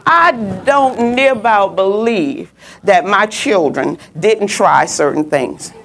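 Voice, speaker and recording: A middle-aged woman preaching a sermon, telling a personal story and swooping up high when she quotes people. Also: animated, slow pace, gravelly, fairly bright tone.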